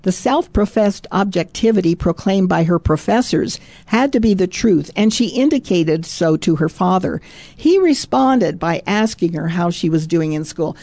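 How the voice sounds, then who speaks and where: A woman's voice: on the low side, lively intonation, normal speed, dark tone, no echo. A woman giving a Christian devotional, reading a story aloud and breaking in with chuckles, repeated phrases and "praise God" asides. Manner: emphatic, repeats phrases for stress.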